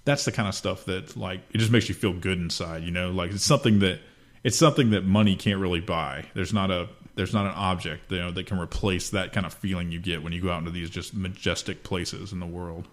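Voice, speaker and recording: A man's voice: low-pitched, steady tone, a little fast. A young man co-hosting a podcast, talking in a laid-back, reflective way with lots of filler words. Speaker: podcast co-host. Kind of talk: casual chat.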